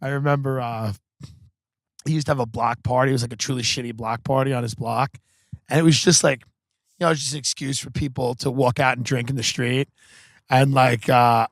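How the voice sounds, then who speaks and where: A man's voice: fairly high pitch, normal speed, a bit bright, dry recording, clean studio sound. A man hosting a podcast, telling comic stories in a casual, profane, rambling way full of "like". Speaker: podcast host. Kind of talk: comedic storytelling.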